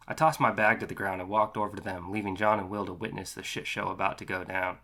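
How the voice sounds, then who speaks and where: A man reading a first-person audiobook in a steady, matter-of-fact way, with the odd casual curse. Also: on the low side, fairly quick, few pauses. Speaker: audiobook narrator.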